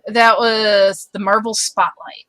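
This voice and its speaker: Woman co-hosting a podcast, bright voice, lots of ums, dry close sound. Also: medium pitch, flat delivery, takes it slowly, dry recording, low-quality recording. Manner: chatty, with many ums and hesitations. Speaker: podcast co-host. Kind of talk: casual chat.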